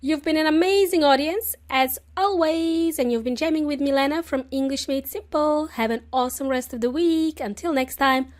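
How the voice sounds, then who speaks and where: A woman hosts an English lesson podcast, explaining polite phrases slowly and often checking in with "okay?". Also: high voice. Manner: friendly, explains slowly and spells out words; laughs often, says okay often. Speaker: English teacher and podcast host.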